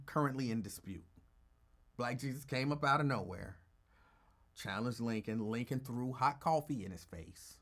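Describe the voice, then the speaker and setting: A male radio talk host spins a story in a casual, teasing voice, with a pitch that swings widely up and down. He dramatizes the moments and lingers on them for effect. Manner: animated, teasing, acts out quotes.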